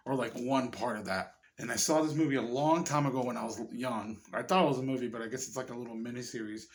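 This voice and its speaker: Man, casual movie review, profane, rambling, excitable. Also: mid-range voice, fast talker. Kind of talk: casual chat.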